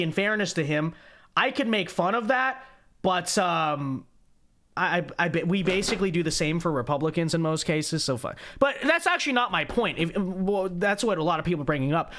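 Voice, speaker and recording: Young male show host, slightly high voice, sarcastic commentary with mocking impressions. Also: sharp tone. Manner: sarcastic, mocks quotes in a high whiny voice. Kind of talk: casual political commentary.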